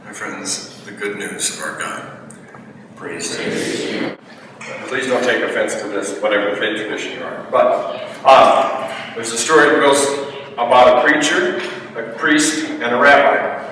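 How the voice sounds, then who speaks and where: A man's voice: medium pitch, animated, measured pace, long pauses, background noise. A man preaching a sermon as a priest, telling a story in a chatty homily manner. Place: church. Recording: echoey church from far off.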